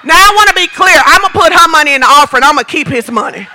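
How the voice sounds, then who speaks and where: A man with a strikingly high, piercing voice preaching a sermon. He is animated and playful, slipping into quick acted-out scenes and raising his voice to a shout for emphasis. His bright, sharp tone cuts through. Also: slight background noise. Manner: animated preaching, acts out quotes, playful humor. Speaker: pastor.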